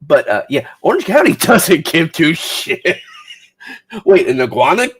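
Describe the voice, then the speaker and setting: A man's voice: a little high, very animated, unhurried, husky. A man co-hosting a podcast, joking casually and laughing between remarks. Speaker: wrestling podcast co-host. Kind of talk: casual review chat. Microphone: streaming mic.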